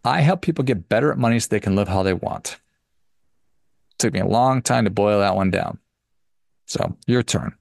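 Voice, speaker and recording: A man's voice: fairly low pitch, moderate pace, gravelly, pauses often, darkish tone, no echo, clean studio sound. A man hosting a personal finance podcast who gives a casual motivational talk in an emphatic, preachy way and repeats his points.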